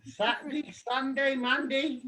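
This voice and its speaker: Slow-talking woman echoing others. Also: high voice, fairly even intonation, fairly bright tone. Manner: echoes and repeats others' words. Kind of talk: casual group video chat.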